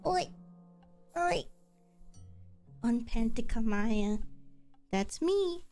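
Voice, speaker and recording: Slow, smooth-voiced woman streamer. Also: mid-range voice, a little mellow, soft background music. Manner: chatty and giggly, swears casually, answers chat. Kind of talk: casual livestream chat while drawing.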